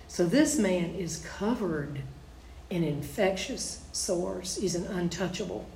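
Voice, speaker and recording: A woman's voice: medium pitch, darkish tone, slight background noise. A woman teaching a Bible study, reading scripture aloud and then explaining it in plain, conversational asides. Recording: echoey room.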